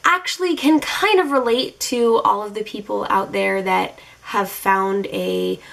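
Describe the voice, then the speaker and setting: A young woman in her twenties vlogging, telling dating stories to camera in an animated, exasperated, sassy way. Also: medium pitch, unhurried, creaky. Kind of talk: casual storytelling to camera.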